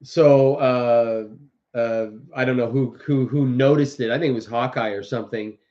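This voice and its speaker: Mocking people with overblown quoted voices, a livestream host talks politics in a casual, rambling way, full of restarts. He has a mid-range, mellow voice with a steady tone and normal pace, captured in dull lo-fi audio.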